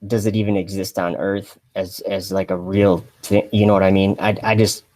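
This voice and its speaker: A man chatting on a mock live stream in a deadpan, rambling way, full of fillers and restarts. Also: low-pitched, moderate pace. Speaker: satirical livestreamer posing as an astronaut.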